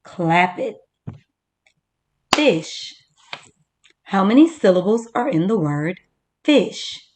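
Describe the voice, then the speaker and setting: Slow, careful woman teaching young children. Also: medium pitch, sing-song. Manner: slow, clearly sounding out words for children. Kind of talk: teaching a first-grade reading lesson.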